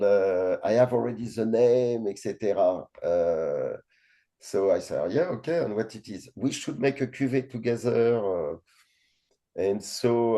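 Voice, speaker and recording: This mellow, mid-range voice belongs to a middle-aged French winemaker with a French accent. As a guest in a relaxed interview, he chats casually, full of fillers and frank curses.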